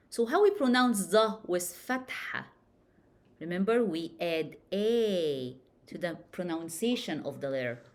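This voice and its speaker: Very slow, lively woman teaching letters. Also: on the low side. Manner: repeats each sound several times, drawn out. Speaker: language teacher. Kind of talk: slow letter-by-letter pronunciation lesson.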